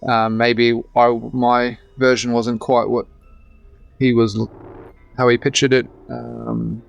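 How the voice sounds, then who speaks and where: A man in his thirties with an Australian accent, an actor appearing as a guest on a podcast. His voice is fairly low and creaky, and he talks in a chatty, rambling way with lots of restarts.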